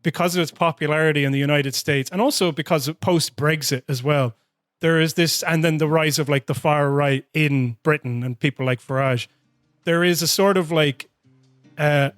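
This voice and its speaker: A man's voice: on the high side, fairly even intonation, normal speed, a bit bright, no room sound, clean studio sound, soft background music. A man co-hosting a podcast, talking through a film in a rambling, laughing way with lots of restarts. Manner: rambling, self-interrupting, laughs often. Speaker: podcast co-host. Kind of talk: casual film discussion.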